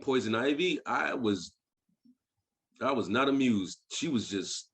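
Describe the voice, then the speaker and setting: A man chatting casually as a podcast guest, telling stories and slipping into quick impressions of movie villains. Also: medium pitch. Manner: animated storyteller who slips into impressions of movie villains. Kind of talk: casual chat.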